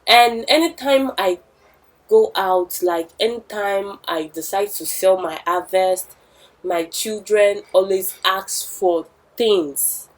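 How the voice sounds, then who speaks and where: Humble farmer father, earnest and respectful, slow unhurried speech, voiced by a woman. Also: high voice, low-quality recording. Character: humble middle-aged village farmer father.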